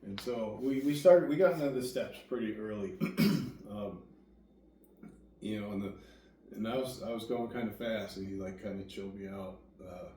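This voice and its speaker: Speaking at normal speed in a fairly low voice, a young guest shares his recovery story in casual, rambling conversation laced with profanity. He performs other people's lines with animated voices; the room is echoey, the mic distant, and faint noise hums in the background.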